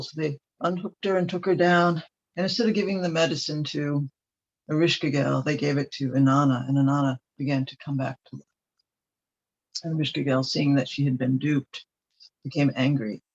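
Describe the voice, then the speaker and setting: A man telling a myth at a ceremonial storytelling event, meandering with ums and restarts. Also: fairly high pitch. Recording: dull lo-fi recording.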